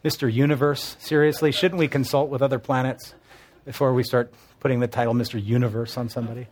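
A man's voice: mid-range voice, flat delivery, quick pace, a little mellow. A man preaching a sermon, reading scripture aloud and explaining it in a conversational way with humorous asides. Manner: expository Bible teaching with humorous asides. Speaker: pastor.

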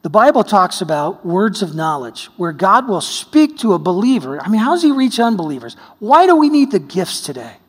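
A man from the United States preaching a sermon, telling a story, swinging between hushed and exclaiming. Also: high voice, sing-song, normal speed, few pauses, slightly rough. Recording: long hall reverb.

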